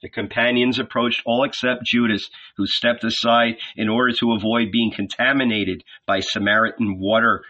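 A man narrating an audiobook in a measured, expressive reading. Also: mid-range voice. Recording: lo-fi dull audio.

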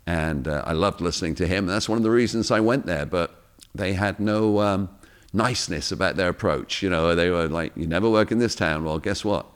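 English male radio personality, deep low voice, chatty anecdotal delivery. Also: fairly quick, clean tone. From England. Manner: lively storyteller, acts out quotes. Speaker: guest radio DJ. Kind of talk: casual chat, anecdotes.

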